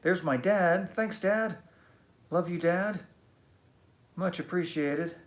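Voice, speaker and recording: A man's voice: high-pitched, slow pace. Chatty man reading live-stream comments. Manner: warm, chatty, self-deprecating. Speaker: musician hosting a live stream. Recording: echoey room.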